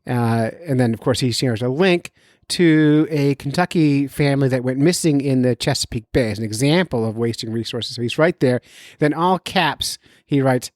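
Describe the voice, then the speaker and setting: A man's voice: medium pitch, brisk, dry recording, studio quality. A man hosting his own fishing podcast from his basement, talking in an upbeat, joking, self-mocking way. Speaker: podcast host and fishing guide. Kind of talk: casual podcast monologue. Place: home basement.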